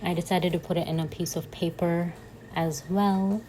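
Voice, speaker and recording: A woman's voice: fairly low pitch, fairly even intonation, moderate pace, mellow, a little hiss or hum, low-quality recording. A young woman chatting casually in a voice-over while she sets up her journal, giggling and joking at herself as she goes. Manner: chatty and giggly, self-mocking asides. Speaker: bullet journal vlogger.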